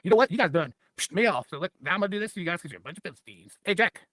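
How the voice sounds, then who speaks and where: A man's voice: high voice, expressive, racing, very noisy. A man streaming, rambling loosely and profanely while a bit drunk. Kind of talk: rambling casual stream chat.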